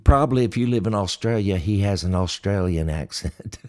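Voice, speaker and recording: A middle-aged man with a Texan accent, hoarse, hosting a folksy, joking livestream chat between hymns and reading viewer comments aloud. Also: low-pitched, normal speed, darkish tone. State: hoarse, dry mouth. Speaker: gospel singer and livestream host. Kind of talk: casual livestream chat with hymn singing.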